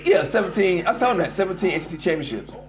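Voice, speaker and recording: Male call-in host, very high voice, emphatic and animated, faint music under him. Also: fast talker. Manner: animated, emphatic, addresses listeners as y'all. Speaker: host of a live call-in show. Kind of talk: casual sports rant.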